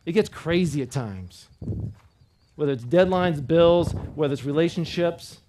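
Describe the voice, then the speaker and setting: Male pastor, sermon, slightly high voice, earnest call-and-response preaching, loud to hushed. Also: measured pace, slight background noise. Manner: earnest, repeats key phrases and leads the congregation in call-and-response; swings between loud emphatic preaching and quiet intimate appeals.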